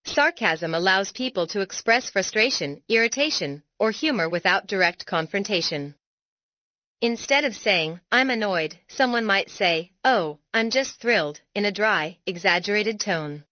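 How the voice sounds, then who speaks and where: A woman reads a scripted explanatory narration for an educational video in a measured, deliberate way. Her mid-range voice is animated, with no echo and lo-fi sound.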